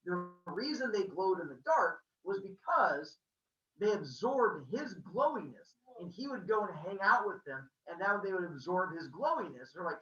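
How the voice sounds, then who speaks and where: A man's voice: sits high, pushed and bright, roomy sound, distant mic, highs cut off. A man hosting a podcast, retelling a myth in a casual, jokey way with playful sound effects. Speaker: podcast host. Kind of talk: comedic mythology storytelling.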